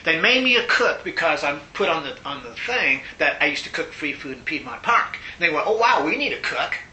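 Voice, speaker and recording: An older man being interviewed, telling stories in a casual, animated way and laughing often. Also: a little fast. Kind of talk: casual storytelling. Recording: roomy echo, faint rumble.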